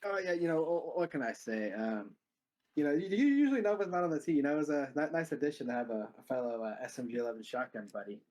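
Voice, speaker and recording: Male gamer, slightly high voice, laid-back and joking. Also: lively intonation, fast, a little mellow. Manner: laid-back and joking, heavy on "you know", swears. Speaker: player being interviewed. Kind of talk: casual post-match interview.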